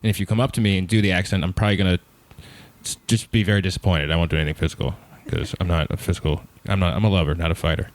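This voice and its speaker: A man's voice: sits low, fairly even intonation, very fast. A young man hosting a comedy podcast in casual, rambling, profane chat, laughing often. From suburbs of Boston, US. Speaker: podcast host, stand-up comedian.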